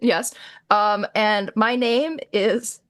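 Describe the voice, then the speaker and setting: A woman with a mid-pitched voice, co-hosting a casual livestream about tabletop games. She talks in a friendly, easy way and explains rules with examples. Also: fairly even intonation, drawn-out words, fairly bright tone, no echo. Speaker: livestream co-host.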